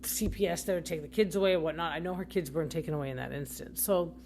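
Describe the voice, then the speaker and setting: Chatty woman with a low voice. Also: quick pace, a little mellow, slight background noise. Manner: chatty, rambling, frequent self-corrections. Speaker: podcast host. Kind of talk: casual opinion commentary.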